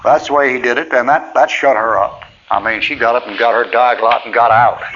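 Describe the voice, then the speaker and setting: A man's voice: mid-range voice, fairly even intonation, brisk. A middle-aged male preacher, telling church stories in a folksy, plainspoken way with frequent chuckles. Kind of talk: folksy sermon storytelling. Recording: dull lo-fi tape with faint hiss.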